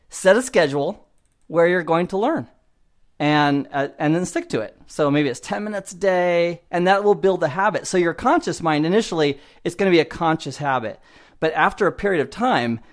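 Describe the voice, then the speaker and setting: A man in his fifties giving a motivational IT training lesson in an animated, conversational way, often laughing at himself. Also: fairly high pitch. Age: 50s. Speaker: IT instructor.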